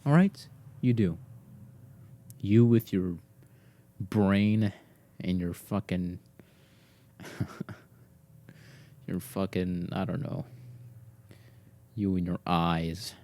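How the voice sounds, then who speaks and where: A man's voice: deep voice, fairly even intonation, extremely slow, long pauses, mellow. A young man hosting a solo podcast, rambling and swearing as he teases his dog, often dropping to a whisper. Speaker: podcast host.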